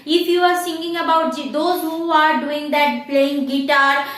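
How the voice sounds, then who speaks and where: A woman teacher, lecturing a class on physics, often stopping to ask "Clear?" and singing short examples. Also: high-pitched, level tone, measured pace, fairly bright tone. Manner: explains with sung examples and repeated "Clear?" checks. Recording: very echoey room.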